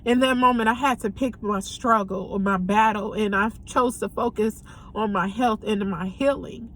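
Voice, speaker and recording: A young woman giving a candid personal testimony, speaking earnestly and haltingly with frequent pauses and ums. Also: mid-range voice, steady tone. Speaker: vlogger sharing a personal story.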